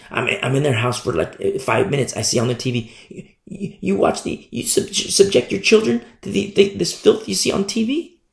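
Impassioned male pastor, gravelly, echoing hall, emphatic repetition. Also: big pitch swings, a little fast. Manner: impassioned, emphatic preaching with big swings in pitch and loudness; repeats words for emphasis, acts out quoted voices. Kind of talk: sermon.

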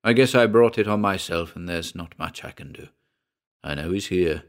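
A man playing a gruff, haunted old sea captain. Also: deep voice, normal speed. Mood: brooding. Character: weathered old sea captain, brooding and superstitious.

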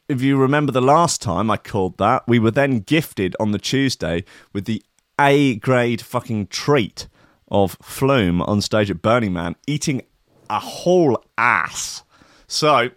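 A man's voice: medium pitch, fairly bright tone, no echo, clean studio sound. A man hosting a comedic morning show, rambling and swearing playfully. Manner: rambling, profane, playful mock-cockney bits. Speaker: show host. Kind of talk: casual comedic monologue with swearing.

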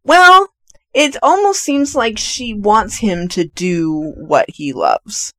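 A woman's voice: medium pitch, animated, takes it slowly, a bit bright, dry recording, clean studio sound. A woman co-hosting a podcast, chatting casually about a film and filling in plot details. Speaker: podcast co-host. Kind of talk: casual movie recap chat.

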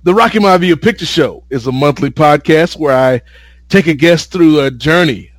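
A man's voice: fairly high pitch, moderate pace, no echo. Joking man plugging podcasts, dry close sound. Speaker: podcast guest and host of other shows. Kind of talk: casual podcast chat.

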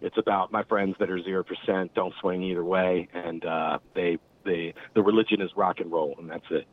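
A man's voice: sits low, steady tone, normal speed. A man talking casually as a musician guest, rambling with lots of fillers. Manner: rambling, many fillers and restarts. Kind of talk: casual interview chat. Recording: tinny phone-like line, faint hiss.

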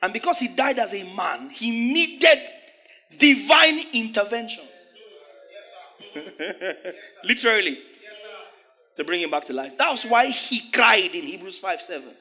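A man preaching a sermon, animated, laughing often and acting out the voices of biblical figures. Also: sits high, normal speed. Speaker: pastor.

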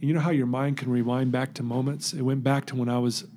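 A man's voice: mid-range voice, little pitch movement, quick pace, warm tone, a little hiss or hum. A man, a podcast guest, telling a personal story in earnest, acting out the dialogue he recounts. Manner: earnest, emotional.

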